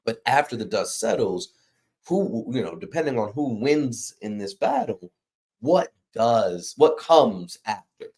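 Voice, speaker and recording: A man's voice: medium pitch, very animated, a little slow, a little mellow, husky. A man hosting a casual livestream, rambling and correcting himself as he talks. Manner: rambling, self-correcting, laughs often. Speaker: comic publisher host.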